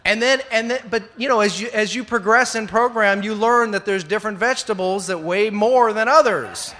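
A man's voice: sits high, moderate pace, bright, forceful tone, a little hiss or hum. A middle-aged man telling his recovery story to a meeting audience, rambling and earnest with many fillers and restarts. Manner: earnest, laughs at himself. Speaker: speaker sharing at a recovery meeting. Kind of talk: personal recovery share to a live audience. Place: indoor meeting room with an audience.

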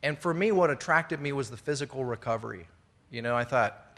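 A man's voice: medium pitch, brisk, a bit bright. A middle-aged man telling his recovery story to a meeting audience, rambling and earnest with many fillers and restarts. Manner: earnest, laughs at himself. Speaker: speaker sharing at a recovery meeting. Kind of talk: personal recovery share to a live audience. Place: indoor meeting room with an audience.

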